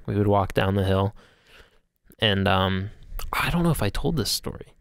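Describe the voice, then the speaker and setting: Brief: man, lowish gravelly voice, rambling storyteller on a podcast, dry close sound. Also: expressive, normal speed, dry recording. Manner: rambling storyteller, laughs often, swears casually. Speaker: podcast co-host. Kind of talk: casual chat.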